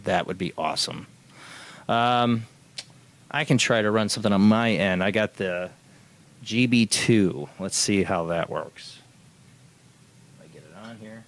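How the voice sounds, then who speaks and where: A man's voice: lowish voice, measured pace. An American man hosting a call-in show, friendly and laughing often, stammering as he starts his sentences. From United States. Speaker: host of a call-in spirit-box show. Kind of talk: casual live-stream chat.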